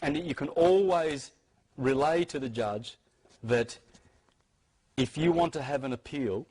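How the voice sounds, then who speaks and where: A man's voice: a little high, unhurried, darkish tone, husky, poor audio. A man giving an informal lecture to an audience, talking emphatically and insistently, often restarting and repeating words. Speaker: speaker giving a talk.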